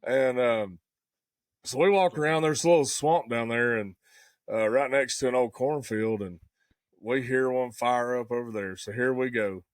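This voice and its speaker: A man's voice: medium pitch, normal speed, no echo. A man, co-hosting a podcast and telling a hunting story in a folksy, casual way. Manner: folksy storyteller, says "buddy" and "dude" a lot. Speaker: podcast co-host.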